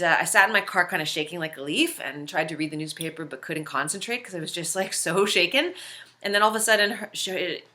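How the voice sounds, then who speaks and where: A woman's voice: sits low, sharp tone. A woman hosting a video series, telling a personal story in a casual, earnest way with many filler words. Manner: conversational, heavy use of filler words; earnest, reflective. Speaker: host.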